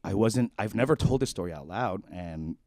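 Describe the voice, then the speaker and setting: A man's voice: low-pitched, normal speed. A man around forty co-hosting a podcast, telling a personal story in a rambling, casual way full of "like". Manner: rambling, heavy use of "like", animated, then quiet and shaken. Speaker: podcast co-host.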